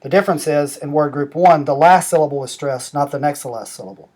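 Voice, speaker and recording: A middle-aged man walking through a language-learning app step by step, explaining rules slowly and methodically. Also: a little high, a little mellow. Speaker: app demonstrator. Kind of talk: screen-recorded app tutorial.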